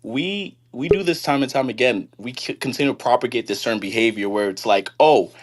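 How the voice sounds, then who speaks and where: A man calling in to a live stream, earnestly telling a work story in casual conversation. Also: medium pitch. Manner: earnest, recounting a story, pauses and restarts. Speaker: caller. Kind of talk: casual call-in chat.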